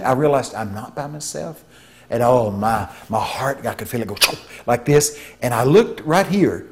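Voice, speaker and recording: A man preaching a sermon, telling stories with vocal sound effects and swinging between hushed tones and shouts. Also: a little high. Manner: shifts from hushed to shouting for emphasis.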